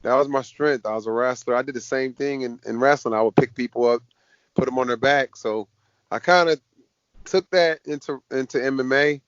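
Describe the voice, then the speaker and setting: Man, fighter guest, lively storyteller, dry, slightly dull audio. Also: mid-range voice, brisk, smooth, dry recording. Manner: lively storyteller, acts out quoted voices. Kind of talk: casual storytelling interview.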